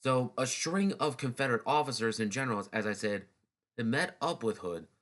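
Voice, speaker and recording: Man, casual history narration, mid-pitched voice, restarts, wry asides. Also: animated, normal speed, a bit bright. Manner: loose and chatty, with many restarts and snarky asides. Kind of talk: casual unscripted history talk.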